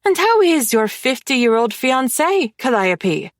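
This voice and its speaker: A catty rich young woman, voiced by a woman reading aloud, dripping false sweetness with a snide edge. Her pitch sits a little raised and lively, in a dry, close recording. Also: slow pace, no room sound, full character voice.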